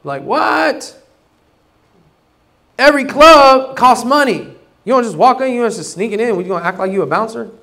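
Man, pastor, high-pitched, animated preaching, casual slang, loud bursts and low asides. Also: normal speed, vocal fry, long pauses. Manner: casual slang, acts out quoted voices. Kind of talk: sermon.

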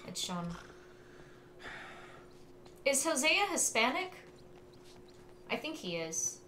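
A woman's voice: high-pitched, very animated, takes it slowly, bright, forceful tone, slight background noise. A woman streamer chatting playfully while playing a game. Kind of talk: casual gameplay commentary.

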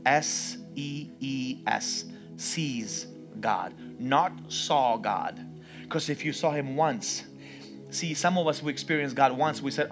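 A man preaching a sermon in a church, acting out the story with sudden shouts and hushed passages. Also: medium pitch, takes it slowly, faint music behind. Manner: dramatic, acts out voices, swings between loud and hushed. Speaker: pastor. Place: church with live music underneath.

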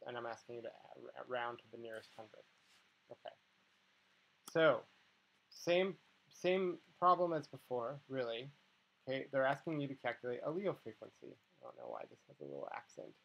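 A man walks students through a biology problem at a steady middle pitch. He explains patiently, step by step, and keeps checking in with short asides. The recording sounds a little dull and lo-fi. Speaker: biology instructor. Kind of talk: tutorial walkthrough.

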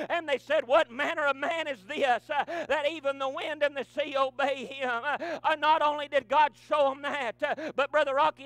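High-voiced preacher with "uh" rhythm. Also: male voice, sharp tone, dry recording. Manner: rhythmic preaching with constant "uh" fillers. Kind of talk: sermon. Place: church.

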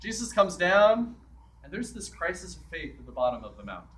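A man's voice: sits high, big pitch swings, a little fast, fairly bright tone, far from the mic, slight background noise, poor audio. A man preaching a sermon as a priest in a church, in a conversational way that acts out the scripture quotes.

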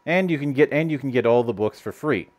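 A male host talking in a loose, chatty podcast style. He rambles and trips over his words, restarting phrases and stammering repeats as he goes. His pitch sits in a plain middle range for a man. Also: animated, a little fast, darkish tone. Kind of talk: casual podcast chat.

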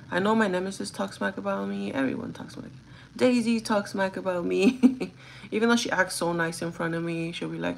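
Gravelly-voiced woman ranting casually. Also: medium pitch, rough recording. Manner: chatty, ranting, swears freely. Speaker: live streamer. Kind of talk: casual live-stream chat.

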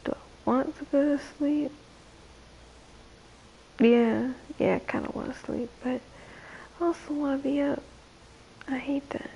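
A young woman hosts a late-night livestream in a drowsy, trailing-off way. Her voice sits a little high but runs rough and gravelly tonight, and her words come slowly. A faint hiss sits under the recording. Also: fairly even intonation, mellow, highs cut off. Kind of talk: casual late-night stream chat.

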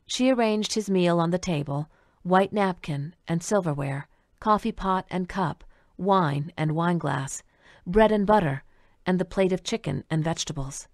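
A woman narrating an audiobook in a calm, even storytelling manner. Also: lowish voice, moderate pace, no room sound, studio quality. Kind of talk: audiobook reading.

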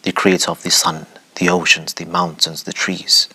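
A man's voice: deep voice, little pitch movement, moderate pace, vocal fry, bright, forceful tone, breathy edge. A man hosting a religious commentary show, speaking in a rhetorical way, addressing the audience directly with dramatic emphasis. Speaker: show host.

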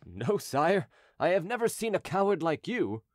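A man's voice: high voice, big pitch swings, normal speed, dry recording, voice pushed up. A man voicing a wry, mocking jester riding beside the king. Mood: urgent. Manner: dry, mocking.

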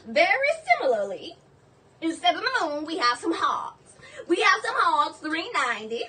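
A woman hosting a live jewelry sale stream, gushing and excitable, exclaiming over each piece. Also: extremely high pitch, moderate pace, far from the mic, slight background noise.

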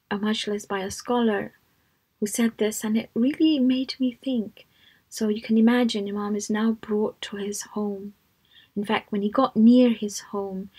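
A woman teaching a children's religious class, telling a story in a soft, earnest way that often drops to a whisper. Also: fairly high pitch, slightly rough. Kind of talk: storytelling lesson. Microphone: live online talk.

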